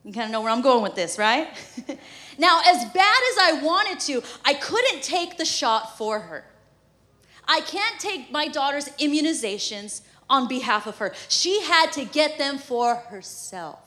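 High-voiced woman preaching a sermon. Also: lively intonation, a little slow, bright, forceful tone. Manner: conversational and humorous, laughing often. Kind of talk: sermon with prayer and personal story.

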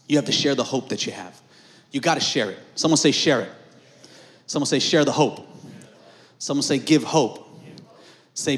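At an outdoor patio service, a medium-pitched man preaches a call-and-response sermon as a pastor. His delivery swings from shouts to hushed lines.

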